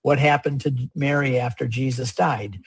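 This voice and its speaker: A man's voice: medium pitch, normal speed, husky, low-quality recording. A man explaining religious imagery in a conversation, earnest and emphatic, often repeating his key points. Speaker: guest speaker on religious art.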